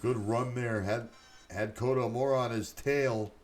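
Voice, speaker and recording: A man giving live play-by-play commentary on a game stream, excitable, with chatty asides. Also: mid-range voice, a little slow, faint music behind. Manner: excitable, rises to shouts on big plays, chatty asides.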